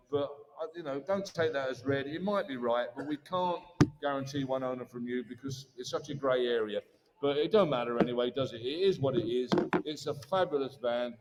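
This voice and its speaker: Brief: male auctioneer, high voice, rattling off bids with banter; reverberant hall, faint hiss. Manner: chatty patter between bid calls. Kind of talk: rapid auction calling.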